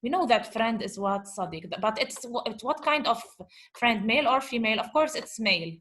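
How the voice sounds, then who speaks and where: A woman's voice: a little high, animated, a little fast, fairly bright tone. A woman teaching Arabic vocabulary to English speakers. She asks questions, answers them herself, repeats points, and calls her class guys. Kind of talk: explaining vocabulary from a lesson dialogue.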